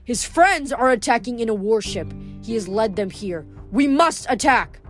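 A woman voicing an angry, scheming young man in a storybook reading, with a raised, drawn-out, accusing delivery. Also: on the high side, animated, soft background music, voice pushed up, close to an everyday voice.

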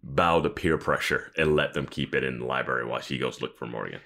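A man's voice: rumbling low, quick pace. A man co-hosting a podcast, joking through a casual episode recap. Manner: joking, animated commentary. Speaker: podcast co-host.

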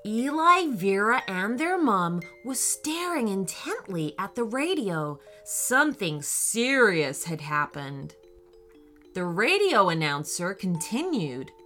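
A woman narrating a children's story in a slow, expressive reading style. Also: mid-range voice, faint music behind.

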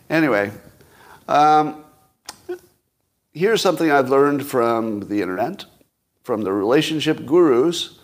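A man's voice: medium pitch, animated, unhurried, pauses often. A man in his sixties hosting a solo commentary show, rambling and self-mocking with frequent chuckles. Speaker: podcast host.

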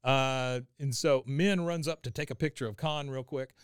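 A man co-hosting a podcast, walking through an episode with lively, laughing delivery. His voice is smooth and clear. The recording is dry and close. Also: mid-range voice, moderate pace, no room sound. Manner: animated, laughs, acts out lines. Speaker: podcast co-host recapping an episode. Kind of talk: casual chat.

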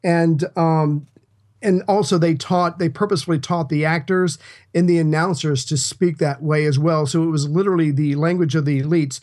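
A man's voice: a little high, fairly even intonation, moderate pace, a little mellow. A man co-hosting a history podcast, easygoing and chatty as he explains what he looked up. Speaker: podcast co-host. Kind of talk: casual history podcast chat.

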